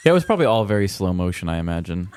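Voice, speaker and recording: A man's voice: sits low, sing-song, rapid-fire, darkish tone, clear, resonant tone. Easygoing man with dry quips. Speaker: podcast co-host. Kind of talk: casual chat.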